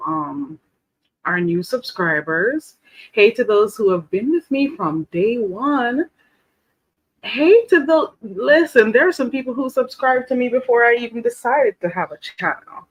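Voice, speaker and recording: A woman's voice: medium pitch, fairly bright tone, no echo. A woman from Jamaica with a Jamaican accent, chatting casually and animatedly as host of a live stream, greeting viewers and laughing. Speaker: livestream host.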